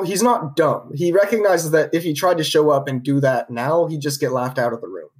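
Casual man telling a history story. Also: mid-range voice. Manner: conversational, with frequent fillers and restarts. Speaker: podcast co-host narrating history.

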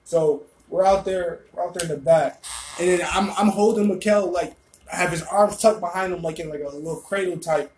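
A man's voice: high voice, moderate pace, echoey room, a little hiss or hum, poor audio. Profane young man telling a wild story. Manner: profane, animated, rambling. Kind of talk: casual storytelling.

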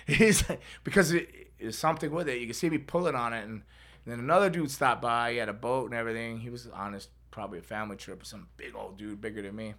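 A man's voice: medium pitch, fairly bright tone. A middle-aged man hosting a podcast, telling a rambling story with laughs and acted-out voices. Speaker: podcast host. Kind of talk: casual storytelling.

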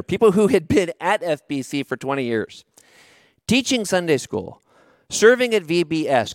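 A middle-aged man preaching a sermon, telling a story in a conversational, expressive way and slowing down for emphasis. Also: fairly high pitch, no echo, clean studio sound. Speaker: pastor.

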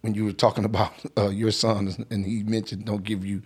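A middle-aged man earnestly telling a family story in a casual chat, animated as he goes. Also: lowish voice, a little fast, husky.

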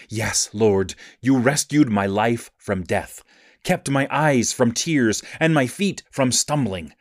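A man reading scripture aloud in a measured, even reading cadence. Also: lowish voice, dry recording, clean studio sound. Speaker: scripture reader.

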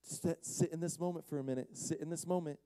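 A man giving a casual, storytelling sermon, animated and slangy, acting out the characters as he retells the story. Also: on the high side, fast talker, no room sound. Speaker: speaker at a Friday night session.

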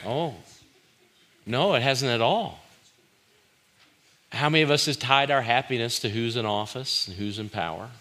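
A man's voice: mid-range voice, normal speed, pauses often, bright, forceful tone. A middle-aged male pastor preaching a conversational sermon, firing rhetorical questions at the congregation and acting out quoted lines.

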